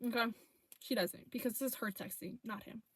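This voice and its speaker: A young woman casually retelling a breakup through text messages, profane and animated. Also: a little high, fairly quick, slightly rough, dry recording. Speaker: storyteller. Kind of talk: casual storytime vlog.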